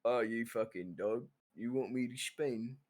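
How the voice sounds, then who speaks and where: A man's voice: mid-range voice, unhurried, a little mellow. A male streamer in casual gaming chat, joking, swearing and laughing often while he plays.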